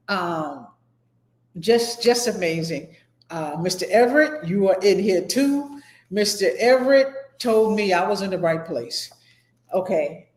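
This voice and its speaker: A middle-aged woman instructor giving a motivational talk to her class, emphatic and rambling, often repeating herself. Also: medium pitch. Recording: echoey room.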